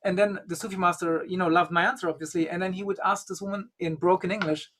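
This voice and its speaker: A man with a high-pitched, steady, slightly bright voice talks fast with hardly any pauses, and there's a little hiss or hum. He is a guest and Gnostic bishop telling a long, rambling anecdote in casual chat, relying heavily on "you know" and "um."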